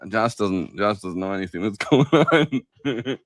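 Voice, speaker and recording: A man's voice: on the low side, expressive, measured pace, no echo. A man co-hosting a podcast, chatting casually about politics, rambling with fillers and restarts. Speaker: podcast co-host.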